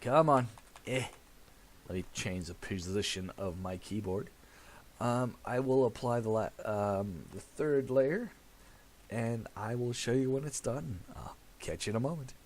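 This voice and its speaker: A man's voice: mid-range voice, measured pace. A man casually commentating his farming game, rambling with many fillers and laughs. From America. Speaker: gaming channel host.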